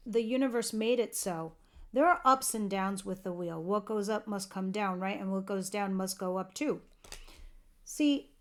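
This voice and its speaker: A woman giving a tarot reading to camera, chatty and earnest, talking straight to her viewers, a bit tired and yawning. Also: mid-range voice. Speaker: tarot reader.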